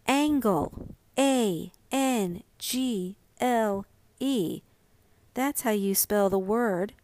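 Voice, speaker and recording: A woman voicing a brisk, practical mother in a storybook reading, firm and matter-of-fact. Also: mid-range voice, animated, a little mellow, no room sound, natural voice. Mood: helpful.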